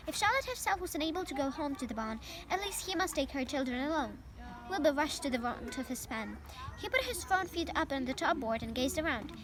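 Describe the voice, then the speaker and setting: Young Ukrainian woman reading a storybook. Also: sits high. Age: young adult. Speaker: reader.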